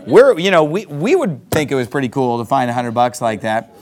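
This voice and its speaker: A middle-aged man delivers a Bible sermon, reading scripture slowly before explaining it in a folksy, emphatic manner. His mid-range voice is expressive and somewhat dark in tone.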